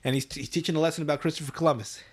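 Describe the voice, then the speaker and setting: A podcast co-host, a man, recaps a cartoon episode with loose, profane energy. His voice sits a bit high and he tells the story animatedly. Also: steady tone, very fast. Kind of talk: casual chat, episode recap.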